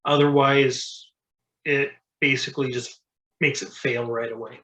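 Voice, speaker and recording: A man's voice: medium pitch, fairly even intonation, unhurried, fairly bright tone, rough recording. A man co-hosting a casual engineering discussion, talking plainly and practically with some fillers. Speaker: co-host.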